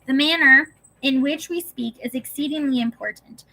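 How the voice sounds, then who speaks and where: A woman reading an audiobook in a calm, even scripted narration with gentle emphasis. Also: sits high, normal speed, rough recording.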